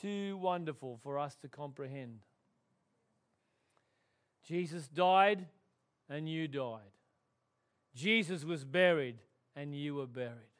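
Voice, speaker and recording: High-pitched man preaching with hushed swings. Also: slow, long pauses. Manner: emphatic preaching, swinging from loud declarations to hushed tones. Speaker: pastor. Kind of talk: sermon.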